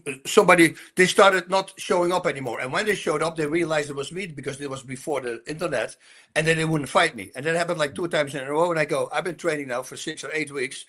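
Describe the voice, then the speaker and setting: A man in his sixties with a Dutch accent, a podcast guest telling stories animatedly, acting out dialogue and throwing in sound words. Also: fast talker. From Netherlands. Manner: animated storyteller, acts out dialogue, sound words like boom and bonk. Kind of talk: storytelling interview.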